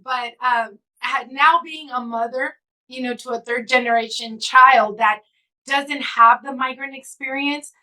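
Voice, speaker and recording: A woman author from California answers an interview question with heartfelt, earnest storytelling, emotional and occasionally slipping into Spanish. Her voice is high, bright and forceful, fairly even in intonation and a little slow. The recording is rough.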